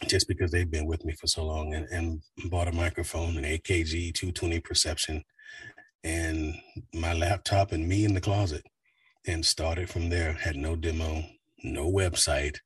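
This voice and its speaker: Brief: man, voice actor in a casual interview, low husky voice, laid-back storyteller. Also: moderate pace, dry recording, recorded from a distance. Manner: relaxed, rambling storyteller with fillers. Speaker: voice actor guest.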